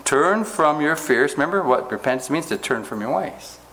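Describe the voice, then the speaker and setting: A man preaching a sermon, reading scripture aloud slowly and stopping often to ask his listeners rhetorical questions. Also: a little high, expressive, a bit bright. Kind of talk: sermon, Bible teaching.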